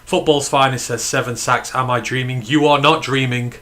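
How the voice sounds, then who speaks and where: Man, bright tense voice, fan stream host, excited and emphatic, from the uk. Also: medium pitch, normal speed. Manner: excited, emphatic, swears freely. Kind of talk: casual live watch-along chat.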